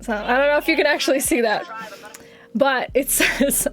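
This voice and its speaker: A woman's voice: high voice, moderate pace, fairly bright tone. A young woman streamer chatting casually on a live stream, giggling often and swearing offhandedly, with music faintly behind. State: has covid.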